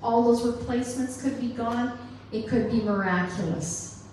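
A woman's voice: a little high, normal speed, background noise. A middle-aged woman giving a sermon with a personal testimony, telling her story earnestly and acting out the voices she quotes. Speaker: guest speaker. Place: church hall. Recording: roomy live-stream from far off.

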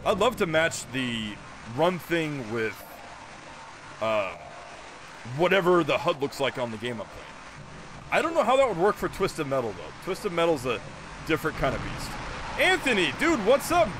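A man streaming a video game live, chatting casually, excitable and quick to laugh and break into goofy voice impressions. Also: a little high, noisy background.

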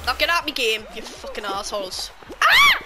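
A high-voiced woman with a British accent, drifting Scottish, commentating her gameplay in a jokey, swearing, trash-talking way. Clear background music plays under her voice. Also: expressive, brisk. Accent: British, slipping Scottish. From Britain. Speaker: gaming YouTuber.

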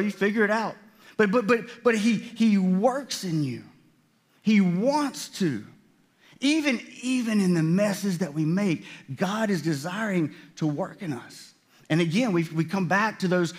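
A man pastor giving a conversational sermon, often restarting his sentences and acting out what God and people say. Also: sits high. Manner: conversational preaching with many restarts and voiced quotes.

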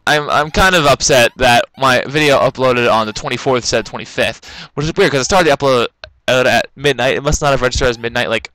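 A young man casually rambling through a let's-play, breaking into loud excited outbursts, recorded on a laptop in his bedroom. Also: medium pitch, rough recording. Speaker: gaming commentator. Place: bedroom, kneeling at a laptop on the bed. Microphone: laptop mic.

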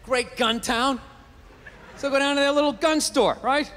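A stand-up comedian tells a profane, ranting story. His voice is very high and sharply bright, and it carries on a long reverb from a live hall with a faint hum behind it. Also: steady tone, moderate pace.

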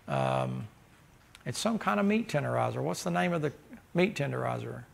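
A man preaching a sermon in a folksy, joking way, breaking into loud laughing bursts. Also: medium pitch, huge pitch swings, normal speed, creaky.

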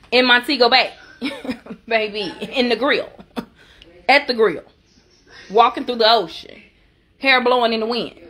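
Sassy, bright-voiced mother chatting. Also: a little high, slow, long pauses. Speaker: mother and vlogger. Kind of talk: casual family vlog chat.

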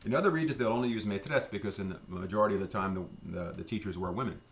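Guy teaching words, lowish voice, kinda gravelly, slow and easygoing with lots of ums. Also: a little hiss or hum. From Louisiana. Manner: unhurried, with many fillers and slow repeated pronunciations. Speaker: French language teacher. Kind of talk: relaxed vocabulary lesson.

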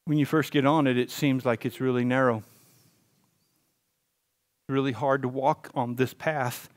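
A middle-aged male pastor preaching a sermon in a church, swinging from hushed to loud. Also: mid-range voice, fairly even intonation, normal speed. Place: church sanctuary.

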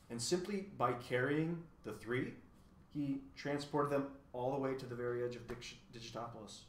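A man's voice: mid-range voice, moderate pace, a little hiss or hum. A man reading a children's novel aloud, with casual asides to viewers, recorded in an echoey room. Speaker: reader.

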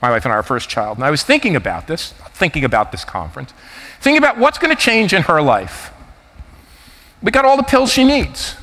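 Animated man in his fifties giving a keynote. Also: on the high side, fairly quick. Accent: New Jersey. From United States. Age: 50s. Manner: animated, anecdotal, emphatic. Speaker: conference keynote speaker. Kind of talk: keynote talk. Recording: reverberant hall.

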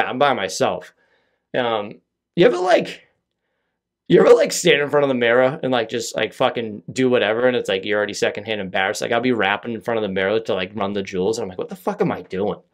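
A young man talks alone into his podcast mic, rambling and swearing freely. His voice sits at an ordinary middle pitch, and he keeps undercutting himself with wry asides. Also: animated, fast. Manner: rambling, profane, self-deprecating. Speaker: podcast host. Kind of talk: solo podcast monologue.

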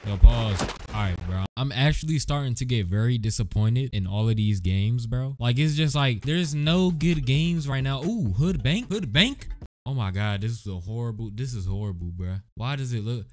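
A young man giving casual, slangy commentary while playing a shooting game, animated and quick to trash-talk. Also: medium pitch. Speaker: gaming video creator. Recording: game gunfire noise behind voice. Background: game gunshots and clicks.

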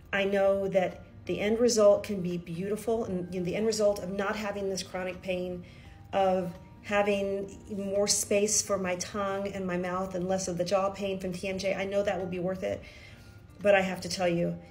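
A woman's voice: mid-range voice, darkish tone. A middle-aged woman from Kentucky talking nervously and emotionally to her viewers in a personal video diary. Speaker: vlogger.

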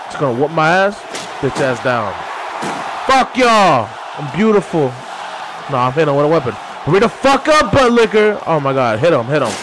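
A man commentating his own wrestling game playthrough with profane, excitable trash talk. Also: on the high side, fairly quick, background noise. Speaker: gaming channel host. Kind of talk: let's play commentary. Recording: game music behind.

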